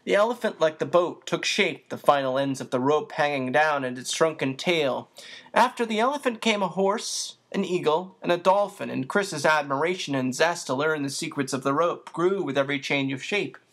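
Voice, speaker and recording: A steady audiobook narrator reading a chapter of a children's novel. The delivery is even and unhurried, in a middle-pitched voice. Occasional small slips are left in. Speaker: audiobook reader.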